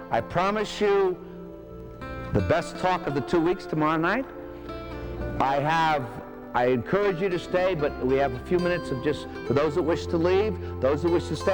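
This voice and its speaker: Man, parish mission preacher, high voice, conversational sermon, repetitive emphasis, church hall reverb.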